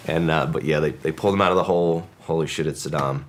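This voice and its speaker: A man with an extremely deep voice recounts events as an interview guest. He speaks in a measured way, pausing on "uh" and "um". A faint hiss sits under his voice. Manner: measured, with frequent "uh" and "um". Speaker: interview guest, former special operator. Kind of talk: casual storytelling.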